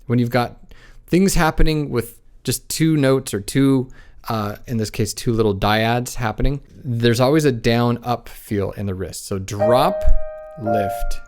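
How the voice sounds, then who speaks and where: A man giving a casual piano lesson, talking in a relaxed, conversational way and counting beats aloud while he plays. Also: medium pitch, unhurried. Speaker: piano teacher. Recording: piano playing loudly behind the voice.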